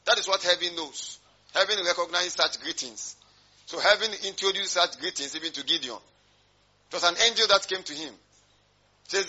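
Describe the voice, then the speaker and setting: A man's voice: sits high, normal speed, pauses often, bright, forceful tone, husky, dull audio. A male pastor preaching a sermon, emphatic and rhetorical, drawing call-and-response from his congregation.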